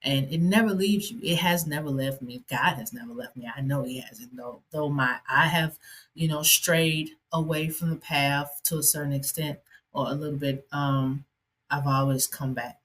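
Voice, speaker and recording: A woman's voice: deep voice, moderate pace, fairly bright tone, slightly rough. A woman who hosts a podcast and is an ordained minister, telling a personal story in a conversational way, with many fillers and asides.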